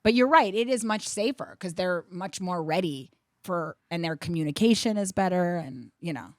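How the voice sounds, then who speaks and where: Middle-aged woman comic, low voice, dry close sound, lively storyteller who swears. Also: normal speed, no room sound. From USA. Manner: animated storytelling, acts out quotes, swears. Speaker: comedian guest. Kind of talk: casual chat.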